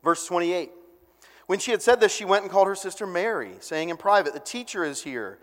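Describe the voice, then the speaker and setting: Animated preacher in a reverberant hall. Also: male voice, sits high, brisk. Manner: animated, conversational preaching with lively quoted voices. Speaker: pastor. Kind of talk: sermon.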